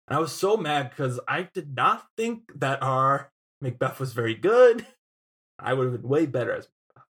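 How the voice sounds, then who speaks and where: A man's voice: mid-range voice, very animated, moderate pace, fairly bright tone, husky. A young man co-hosting a casual film podcast, telling rambling stories and laughing as he goes. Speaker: podcast co-host.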